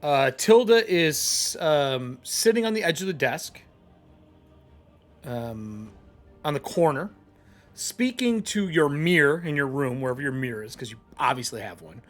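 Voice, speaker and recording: A man's voice: a little high, lively intonation, measured pace, faint music behind. A man running a tabletop game as game master, narrating casually, swearing freely and laughing as he talks.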